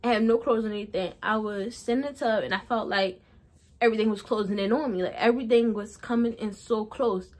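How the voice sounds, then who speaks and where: A woman's voice: mid-range voice, a little fast, darkish tone. Young woman rambling through a storytime. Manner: rambling, repeats herself while recounting. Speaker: vlogger. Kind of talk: casual storytime.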